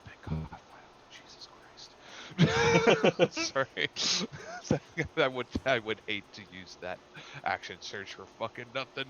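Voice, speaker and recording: A man's voice: mid-range voice, lively intonation, measured pace, sharp tone, lo-fi sound, a little hiss or hum. A man playing a tabletop game, dry and blunt, swearing freely. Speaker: player. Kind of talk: casual tabletop play.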